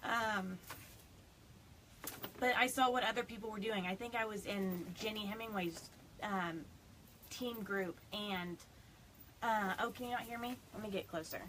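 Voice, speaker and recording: A woman's voice: mid-range voice, measured pace, long pauses, a bit bright, slight background noise, rough recording. Chatty, teary woman on a live stream. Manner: chatty, rambling, fighting back tears. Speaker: direct sales consultant. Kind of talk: casual live stream chat. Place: home on a small farm.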